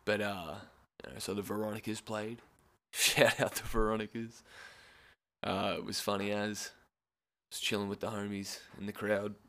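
A young Australian man tells a rambling story in a loose, laid-back way, full of swearing and quick laughs. His voice sits a little low for a man, with little pitch movement, and sounds pushed and bright.

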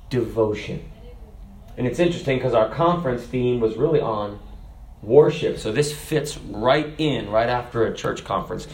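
Guy preaching a sermon, high bright voice, swings up and down a lot, jokes around. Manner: animated, joking, teaches from scripture.

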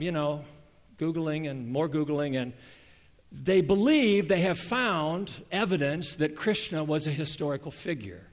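A man's voice: fairly high pitch, expressive, measured pace. Man preaching in an echoing hall. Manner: emphatic, swinging from loud to hushed. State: emotional, near tears. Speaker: pastor. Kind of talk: sermon. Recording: reverberant hall.

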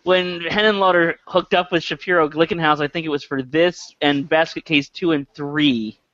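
A man with a slightly high voice shares film trivia on a casual podcast, stopping and restarting as he recalls the details. The sound is dry and muffled. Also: fairly even intonation, moderate pace, fairly bright tone, no room sound. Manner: trivia-minded, hesitant restarts. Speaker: podcast panelist. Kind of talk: casual movie discussion.

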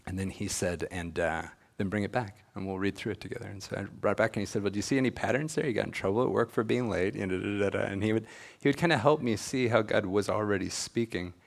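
Deep-voiced man telling his story. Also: quick pace, creaky, few pauses. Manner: earnest storytelling, acts out quoted dialogue. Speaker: speaker at a church gathering. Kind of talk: personal testimony talk.

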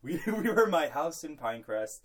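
A man's voice: on the high side, very animated, a little fast. A young man co-hosting a casual sports podcast, chatty and laughing often. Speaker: podcast co-host.

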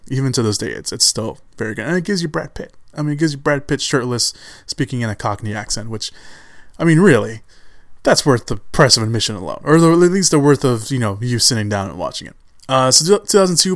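A man's voice: mid-range voice, no echo, studio quality. Rambling enthusiastic male podcast host. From Chicago area, USA. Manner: rambling, many restarts and fillers; enthusiastic about films, laughs often. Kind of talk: casual solo podcast talk.

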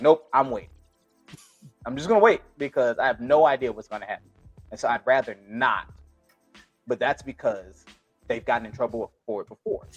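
A man co-hosting a casual podcast discussion, talking bluntly and profanely, with frequent restarts. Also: medium pitch. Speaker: podcast co-host.

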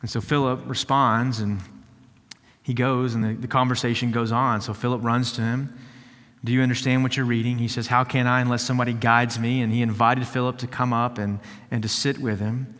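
A man delivers a sermon as a pastor, telling a story in an easy conversational way, stumbling over repeated words and building to fervent emphasis. His voice sits at a middle pitch. It rings out in a hall with a long reverb. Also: flat delivery, fairly quick, fairly bright tone. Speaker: lead teaching pastor.

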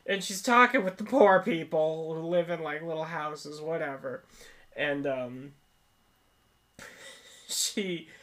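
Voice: medium pitch, takes it slowly, pauses often, fairly bright tone. A person in their twenties co-hosting a casual movie-review podcast, rambling into tangents and laughing often. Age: 20s. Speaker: podcast co-host.

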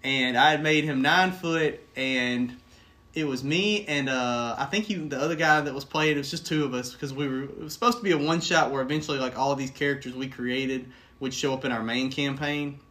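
A man chatting casually on a podcast, telling stories with animated enthusiasm. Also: medium pitch, brisk. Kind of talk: casual chat.

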